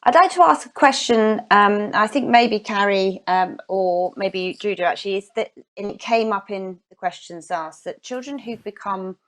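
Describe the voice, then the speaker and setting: A woman's voice: medium pitch, expressive, moderate pace, hardly any pauses, fairly bright tone. A woman moderating a parenting panel, putting a thoughtful question to the panelists. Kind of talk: panel discussion.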